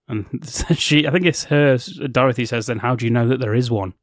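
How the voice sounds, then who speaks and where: A man co-hosting a podcast, retelling film scenes in casual chat and slipping into quick character impressions, laughing often. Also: medium pitch, no echo, studio quality. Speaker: podcast co-host.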